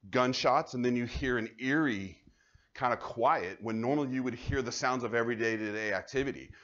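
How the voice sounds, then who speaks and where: A man, a police officer giving a live safety training talk, conversational and animated as he tells stories to the audience. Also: mid-range voice, fairly quick, lo-fi sound. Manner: conversational, animated storytelling, addresses the audience directly. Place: university room before an audience.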